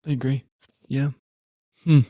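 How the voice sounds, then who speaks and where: A man co-hosting a faith-based podcast, speaking reflectively in a halting, casual way with many fillers. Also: medium pitch, flat delivery, dark tone, no room sound, clean studio sound. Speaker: podcast co-host.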